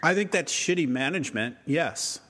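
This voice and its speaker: A man's voice: fairly high pitch, animated, normal speed, a bit bright, husky. A man co-hosting a podcast in casual chat, wry and joking, rambling and often restarting his sentences. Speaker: podcast co-host.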